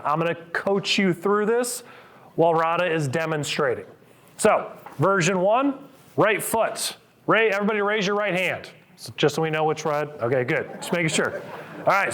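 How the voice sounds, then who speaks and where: A man's voice: high-pitched, a bit bright. A middle-aged man, a physical therapist, coaching a live group through exercises with upbeat cues and counts.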